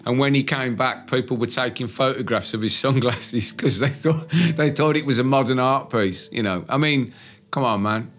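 A man co-hosting a relaxed, informal chat, blunt and freely sweary, with a habit of working himself into rants. His voice sits at an ordinary middle pitch for a man. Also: normal speed. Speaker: podcast co-host. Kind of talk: casual chat.

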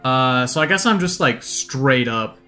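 A man's voice: medium pitch, lively intonation, unhurried, sharp tone, soft background music. A man playing a tabletop game, searching for words with many fillers. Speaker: player. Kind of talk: casual tabletop play.

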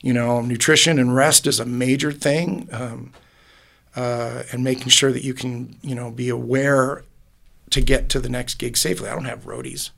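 Middle-aged male musician guest, gravelly voice, heartfelt and rambling, podcast booth. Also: medium pitch, little pitch movement, normal speed, fairly bright tone. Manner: rambling and heartfelt, many restarts. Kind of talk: casual interview conversation.

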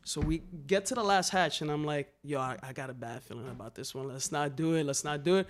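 A man's voice: a little high, a little fast. A man telling wild stories in casual chat, swearing often and acting out what people said. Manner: animated, swearing, slangy, acts out quotes. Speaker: graffiti writer telling stories. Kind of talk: casual storytelling.

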